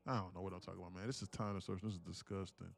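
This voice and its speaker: A man's voice: sits low, steady tone, very fast, vocal fry, soft background music. A man live-streaming his day trading, chatting casually and joking while reading viewers' comments. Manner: joking, reads chat aloud, puts on slang voices.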